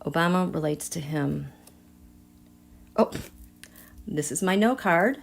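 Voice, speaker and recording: A slightly low-pitched woman hosting a live tarot reading. She is chatty and dramatic, often talking straight to her viewers. She drops into hushed asides, then bursts out with excitement. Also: slow, creaky. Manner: chatty, addresses viewers directly. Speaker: tarot reader and livestream host.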